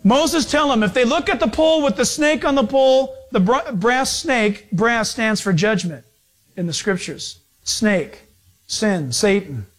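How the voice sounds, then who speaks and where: Animated, joking preacher with a high voice. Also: male voice, a little slow. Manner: rambling, jokey, laughs often, acts out characters; animated, jumps in pitch when quoting. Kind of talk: informal sermon.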